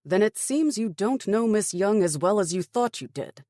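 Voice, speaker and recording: Brisk, stubborn middle-aged male officer, voiced by a woman for an audiobook; clipped, dismissive delivery, dry close mic. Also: medium pitch, animated, warm tone, dry recording, voice pushed up, lightly acted. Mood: stern. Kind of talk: audiobook character voice.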